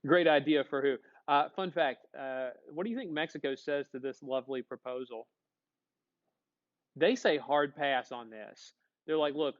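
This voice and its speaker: A man's voice: on the high side, highs cut off. A man teaching a history class, talking casually and asking his students questions before answering them himself. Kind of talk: classroom lecture.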